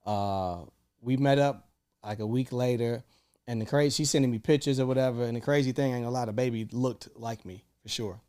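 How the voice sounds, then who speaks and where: A young man, co-hosting a podcast and telling a story in casual, swearing chat, acting out voices with big jumps in pitch. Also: fairly quick, clear, resonant tone. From Chicago. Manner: animated, swearing, acts out quoted lines with big jumps in pitch. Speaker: podcast co-host.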